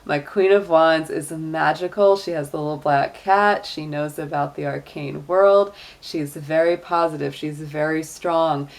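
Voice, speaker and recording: Low-voiced, gravelly woman tarot reader. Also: steady tone, measured pace, few pauses. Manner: chatty and encouraging, many fillers. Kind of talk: casual tarot reading to camera.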